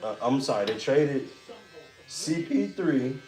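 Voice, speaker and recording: A man co-hosting a casual podcast, chiming in with quick agreement and banter. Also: medium pitch, very animated, a little mellow, distant mic, soft background music. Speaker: podcast co-host. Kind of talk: casual chat. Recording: echoey room, off-mic, crowd behind.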